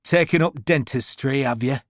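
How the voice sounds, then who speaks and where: A man's voice: medium pitch, unhurried, no room sound, studio quality, lightly acted. A male narrator voicing a tough, blunt army lieutenant who speaks in short, sneering replies. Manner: curt, sneering.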